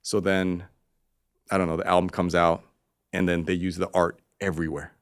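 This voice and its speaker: Man, low voice, artist guest, casual storytelling, rambling, profane, animated. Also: moderate pace, smooth.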